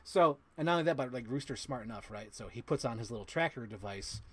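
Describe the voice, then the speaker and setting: A man hosting a podcast, excitedly retelling a movie plot to his co-host, swearing often and humming sound effects. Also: medium pitch, fast talker, husky, no room sound. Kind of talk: animated movie recap to a co-host.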